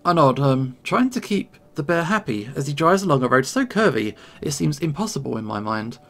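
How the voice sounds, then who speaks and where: Gravelly male story narrator. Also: a little high, very animated, fairly quick, a bit bright. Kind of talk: first-person story narration.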